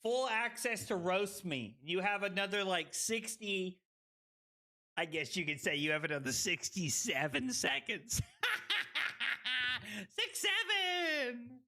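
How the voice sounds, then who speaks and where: A tipsy man streaming a card game, excitable and foul-mouthed, who keeps laughing and yelling. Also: high-pitched, slow pace. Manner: excitable, swears freely, breaks into laughter and yells. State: tipsy from drinking. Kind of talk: rowdy live-stream commentary.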